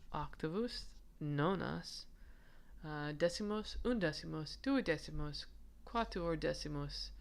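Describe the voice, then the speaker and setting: Slow, gravelly-voiced woman explaining. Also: sits low. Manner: chatty and giggly, rambling with fillers and restarts. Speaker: manuscript researcher presenting her findings. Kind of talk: casual explanatory lesson, reading viewer comments.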